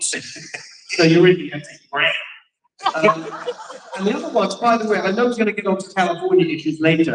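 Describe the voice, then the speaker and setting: A man with an English accent, talking on stage at a political event with chatty, self-deprecating asides. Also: a little high. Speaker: political speaker. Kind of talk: panel talk on stage. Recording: echoey room from far off.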